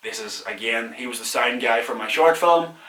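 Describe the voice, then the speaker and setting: A young Irish man talks candidly through viewer questions in a casual vlog, often laughing at himself. His voice is bright and forceful. It sounds echoey, with the mic set back from him. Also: medium pitch, normal speed, recorded from a distance. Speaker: YouTuber answering viewer questions.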